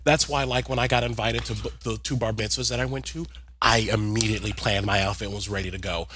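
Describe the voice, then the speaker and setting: A man co-hosting a podcast in casual chat, sassy and expressive, with quick asides. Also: fairly low pitch, noisy background. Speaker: podcast co-host.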